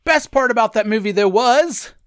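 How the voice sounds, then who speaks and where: A man's voice: very high-pitched, lively intonation, normal speed, clean tone, dry recording, clean studio sound. A man with a Cincinnati accent co-hosting a podcast, ranting profanely and with animation in casual banter. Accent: Cincinnati, Ohio. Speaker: podcast co-host.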